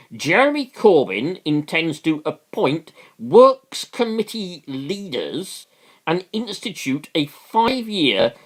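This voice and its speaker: A man giving a passionate, sarcastic political rant on his own, often repeating words for emphasis. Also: a little high. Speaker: political commentator.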